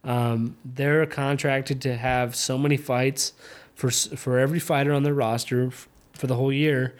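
Watching fights on his own podcast, a young man chats loosely and rambles, restarting sentences and leaning on fillers. He speaks at a medium pitch, drifting into a light Southern twang when the subject turns to country music.

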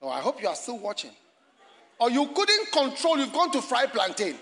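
A man preaching a sermon in a church, animated and often shouting and laughing as he addresses the congregation and online viewers. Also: very high voice, moderate pace, background noise. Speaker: pastor.

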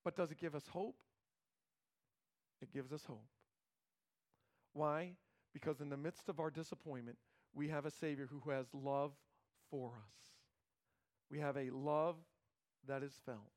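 In a sermon, a pastor recounts a story from scripture, his male voice slightly high, steady and a little mellow. He leans on earnest emphasis, adds informal asides and pauses for drama.

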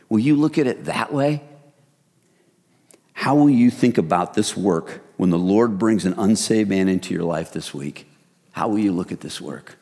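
A middle-aged man preaching a sermon as pastor, in a relaxed, conversational way that speaks to listeners as "you guys". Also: on the low side, moderate pace, slightly rough. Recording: reverberant hall.

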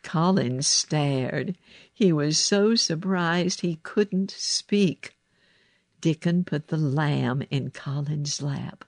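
Woman, storybook narration, low voice, slow and gentle, dry close mic. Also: no room sound.

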